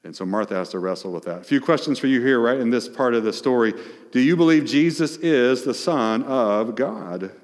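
A male pastor delivers a sermon with a medium-pitched voice, putting questions to the congregation. He is emphatic, swinging between loud and hushed, and his words trail off into a long reverb tail.

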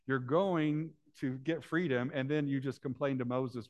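A man preaching from the pulpit in a middle-pitched voice. He climbs to loud, lively storytelling, then sinks to quiet, hushed appeals to his congregation. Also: unhurried, dry recording. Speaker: pastor. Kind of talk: sermon.

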